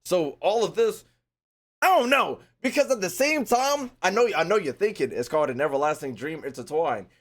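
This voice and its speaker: A man reacting to a game trailer in loose, rambling commentary, swearing freely and getting worked up. His voice sits fairly high and jumps around a lot in pitch. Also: moderate pace. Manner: profane, excitable, rambling.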